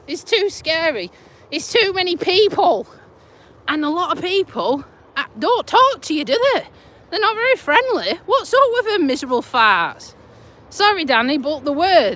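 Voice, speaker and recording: A woman from Lincolnshire, England, with a Yorkshire accent, vlogs on a handheld phone while walking her dog outside. Her voice sits high and fairly bright, with a little hiss or hum in the recording. She chats bluntly and casually, with some mild swearing.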